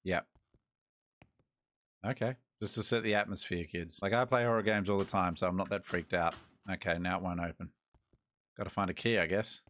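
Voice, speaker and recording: A man's voice: sits low, steady tone, moderate pace, long pauses, a bit bright. An Australian man giving laid-back, joking commentary while playing a horror game, talking to himself as he goes. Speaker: gaming host. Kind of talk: let's-play commentary.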